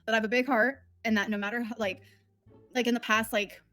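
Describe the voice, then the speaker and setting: A woman's voice: fairly high pitch, fairly even intonation, quick pace, pushed and bright, faint music behind. A woman hosting a livestream from home, talking in a candid, rambling, emotional way. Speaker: livestream host. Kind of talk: casual livestream chat.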